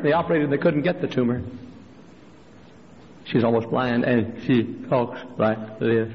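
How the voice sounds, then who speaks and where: A male pastor preaching a sermon in a church, swinging from hushed storytelling up to impassioned shouted refrains. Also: unhurried, long pauses. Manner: impassioned preaching, climbing to shouted refrains, dropping low for stories. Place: church sanctuary. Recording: lo-fi recording with long hall reverb.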